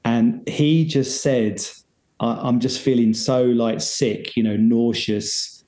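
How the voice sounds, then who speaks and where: A man's voice: medium pitch, steady tone, slow, mellow, roomy sound. A man guesting on a podcast, telling a rambling, self-deprecating story with lots of restarts. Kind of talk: casual storytelling.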